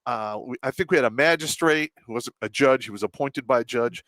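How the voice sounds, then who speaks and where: A man hosting a live stream, telling army stories in a casual, profane way, laughing often and loudly acting out quotes. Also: mid-range voice, fairly quick, no echo. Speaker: show host and veteran.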